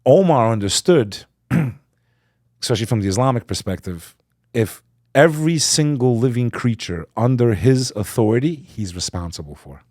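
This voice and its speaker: A man as a podcast guest, telling a story with fervor, swinging between loud emphasis and hushed asides. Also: mid-range voice, lively intonation, normal speed, no echo, clean studio sound. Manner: acts out quoted speech. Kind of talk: impassioned storytelling in conversation.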